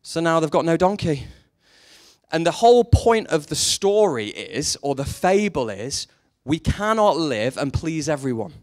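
A man preaching a sermon, telling a story with lively energy and briefly acting out the characters in it. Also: a little high, unhurried. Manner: animated storytelling, acts out quoted characters.

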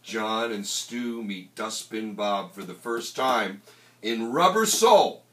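A male author reading his own novel aloud in an animated, emphatic way. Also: lowish voice, slow pace. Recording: roomy, distant mic.

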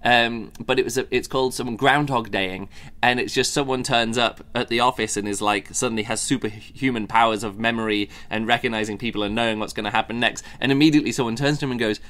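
Man of middle pitch, casual podcast reviewer, loose and rambling, fond of mocking little impressions. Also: steady tone, fast, a bit bright. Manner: rambling, many fillers and restarts, mocking mimicry. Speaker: podcast host reviewing a book.

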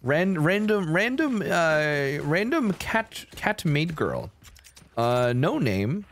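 A man's voice: a little high, very animated, slow pace, a bit bright. A young man streaming a game in casual, rambling chat, swearing and venting his frustration at his teammates.

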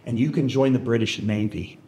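A man's voice: medium pitch, fairly quick, a little mellow, pitched below the performer's own voice, lightly acted. A man voicing a scheming older brother who coaxes his sibling into a plan. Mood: coaxing. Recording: roomy hall echo.

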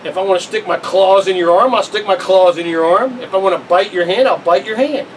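Man voicing a defiant female house cat, bossy and unapologetic, a little high. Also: a little fast, distant mic, slight background noise, natural voice, low-quality recording.

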